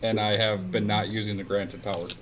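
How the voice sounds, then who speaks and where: A man's voice: fairly low pitch, flat delivery, fairly quick, a bit bright, lo-fi sound, a little hiss or hum. A man talking casually as a player in a tabletop game, mocking himself. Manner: self-mocking. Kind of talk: casual chat while playing.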